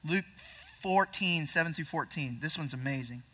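A young male pastor preaches casually, with a high, very bright and forceful voice. He reads scripture and then explains it plainly, sometimes putting on voices for people in the story. He sounds a little distant from the mic. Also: normal speed. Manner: conversational preaching, acts out voices of disciples. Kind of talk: sermon.

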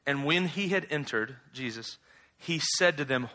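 Male pastor, bright and forceful tone, casual storytelling sermon with playful slangy asides. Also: normal speed. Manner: conversational preaching, acts out bible characters with slangy asides; rises to loud, high exclaims when animated.

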